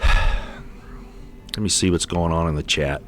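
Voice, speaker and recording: A man with a very low voice hosting a livestream. He rambles off the cuff, stumbling and restarting with repeated words, and sounds exasperated. He is on a computer mic. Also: steady tone, slow pace, faint music behind. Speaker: livestream host. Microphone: computer mic on an unsteady connection.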